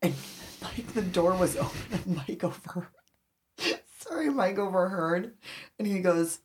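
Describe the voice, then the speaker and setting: Woman therapist, co-host, deep voice, emphatic and animated storyteller. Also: a little slow, husky. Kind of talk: casual podcast chat.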